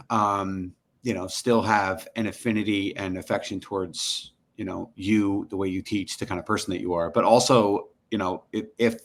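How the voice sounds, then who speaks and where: Easygoing middle-aged man, lower voice. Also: fairly bright tone. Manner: easygoing, hesitant, many fillers. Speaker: podcast co-host. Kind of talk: casual chat.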